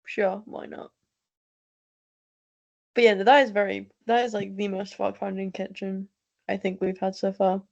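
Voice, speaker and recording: Slow, deadpan sarcastic woman co-host. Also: medium pitch, creaky, muffled recording. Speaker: podcast co-host. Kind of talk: casual chat.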